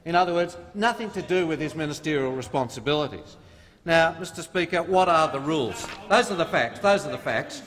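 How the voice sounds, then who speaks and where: A man's voice: on the high side, lively intonation, a little fast, fairly bright tone. An Australian man, a member of parliament, making a combative debate speech and reading out the rules. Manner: combative, reads from the rulebook. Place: large parliament chamber. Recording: long reverb of a large hall.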